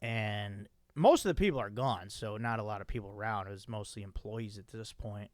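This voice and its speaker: A man hosting a podcast, telling a story in a profane, animated way with many restarts. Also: lowish voice, fairly quick, no room sound. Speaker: podcast host. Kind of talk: casual chat.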